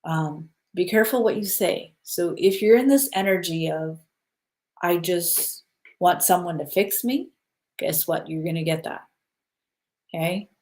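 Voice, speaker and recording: Low-voiced woman guiding a breathing ritual. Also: unhurried, a little mellow. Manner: soothing, repeats "okay?" to check in. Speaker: spiritual live-stream host. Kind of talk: casual guided spiritual talk.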